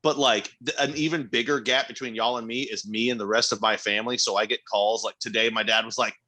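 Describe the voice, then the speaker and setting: A young man co-hosting a podcast chats casually and tells stories, swearing a lot and laughing often. His voice is on the low side with fairly even intonation, brisk, bright and forceful.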